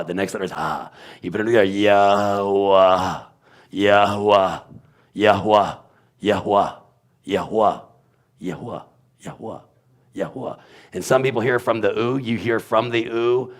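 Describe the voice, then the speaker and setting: Man, lowish voice, guest teacher, breaks words into sounds and repeats them. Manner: drills sounds aloud, repeating syllables. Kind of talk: animated teaching chat.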